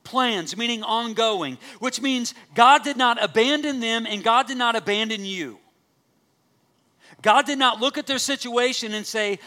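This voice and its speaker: Male pastor mid-sermon; bright, ringing tone; emphatic, repeats lines for weight. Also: extremely high pitch, unhurried. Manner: preaching with earnest emphasis, repeating key phrases; asks the congregation direct questions.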